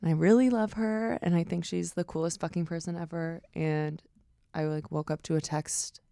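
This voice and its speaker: A woman's voice: lowish voice, fairly even intonation, normal speed, vocal fry, warm tone, no room sound, studio quality. A young woman, a podcast guest, telling stories in casual chat, swearing freely and acting out what people said. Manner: storytelling, swears freely, acts out quotes.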